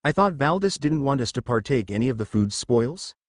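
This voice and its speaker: A man's voice: mid-range voice, big pitch swings, a little fast, no room sound, clean studio sound. A man reading the lines of a wary young shield maiden in a guarded, questioning way, as storybook narration.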